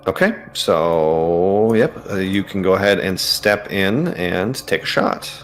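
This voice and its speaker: A man narrating a tabletop game as game master, relaxed and hesitant, with many fillers. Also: low voice, slow.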